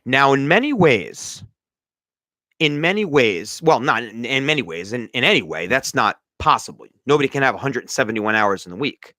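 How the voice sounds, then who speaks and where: The host of a motivational podcast stream lectures his audience with emphasis, repeating what he says. His voice is medium in pitch, sing-song, pushed, and bright, at a normal speed with no room sound.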